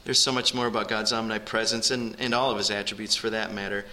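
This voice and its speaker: A man's voice: on the low side, little pitch movement, quick pace, pushed and bright, a little hiss or hum. A man preaching a sermon as a pastor, earnest and rising in emphasis on key phrases.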